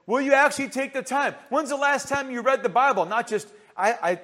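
Male preacher, high voice, sermon delivery, passionate, many rhetorical questions, shifts from loud to hushed. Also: a little fast.

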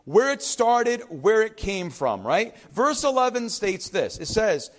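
A very animated man with a high-sitting voice preaches as pastor a little slowly, with few pauses. His sermon is emphatic and repetitive, peppered with "right?" and swinging between loud declarations and quiet confidences.

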